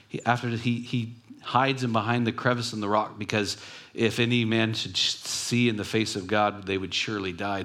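A man preaching a sermon in an earnest way, often dropping to a soft hush on key words. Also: lowish voice. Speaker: pastor.

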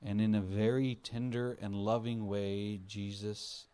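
A man's voice: fairly low pitch, level tone, measured pace, hardly any pauses, warm tone, smooth. A male pastor preaching an Easter sermon, earnest, his voice rising and falling for emphasis as he acts out quotes.

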